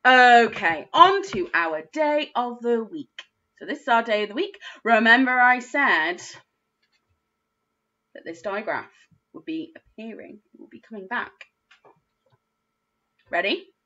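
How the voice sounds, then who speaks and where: A woman's voice: a little high, animated, a little slow, pauses often, sharp tone. A woman teaching a phonics lesson to young children, sounding out words letter by letter. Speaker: primary school teacher. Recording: dull lo-fi sound.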